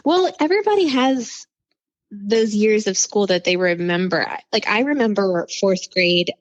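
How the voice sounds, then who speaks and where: A woman's voice: medium pitch, lively intonation, a little slow. Candid young woman, dull lo-fi call. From New Orleans, USA. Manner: candid, rambling, self-deprecating. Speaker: fourth grade teacher, guest. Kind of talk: casual interview chat. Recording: dull lo-fi audio.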